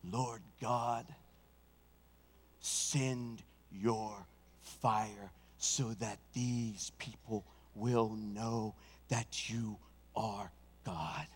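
A man's voice: mid-range voice, wildly swooping pitch, takes it slowly, long pauses, husky, voice pushed down, full character voice. A man voicing a bold, commanding prophet. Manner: taunting and commanding. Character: bold male prophet, mocking then commanding. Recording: long church hall reverb, slightly distant.

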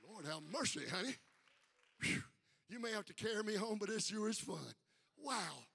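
An older man preaching a fiery sermon, building from quiet talk to shouted peaks and calling out for responses. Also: high voice, expressive, moderate pace, vocal fry, breathy edge, a faint crowd. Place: church sanctuary with congregation. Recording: live hall with long reverb.

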